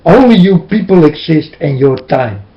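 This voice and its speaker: A man's voice: fairly high pitch, expressive, normal speed. A man giving an emotional religious monologue from his room, pleading and preaching as his voice keeps breaking into tears. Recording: dull lo-fi recording.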